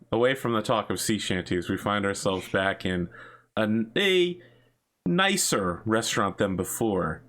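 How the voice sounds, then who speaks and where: A man narrates as game master of a tabletop role-playing game. His voice sits fairly low, and he describes each scene in an easygoing way, with lots of "uh" and "you know" along the way. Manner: relaxed, filler-heavy narration.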